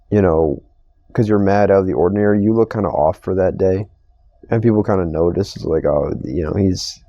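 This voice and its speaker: A young man rambles through a profane, exasperated podcast rant. His voice is dark and gravelly, swinging widely in pitch, and the dry recording sounds a little dull. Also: dry recording. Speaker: podcast host. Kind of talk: casual solo podcast rant. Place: store receiving area.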